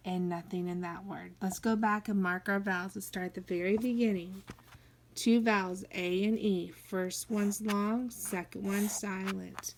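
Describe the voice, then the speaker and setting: A woman teaching phonics to young children, sounding out each word slowly and coaxing them to follow along. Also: mid-range voice, darkish tone, slight background noise. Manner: slow, drawn-out sounding-out of words; coaxing, encouraging teacher talk. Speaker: kindergarten teacher.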